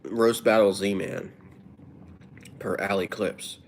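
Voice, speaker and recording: A man's voice: lowish voice, fairly even intonation, slow pace, a little hiss or hum. A man livestreaming, reading viewers' comments aloud and answering them in a rambling, offhand way. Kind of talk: casual livestream chat.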